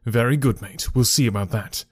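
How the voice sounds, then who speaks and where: A man's voice: medium pitch, normal speed, a little mellow, dry recording, natural voice. A man voicing a surly, half-drunken seaman-turned-butler who talks with a sneer. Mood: snarling. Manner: sneering, insolent.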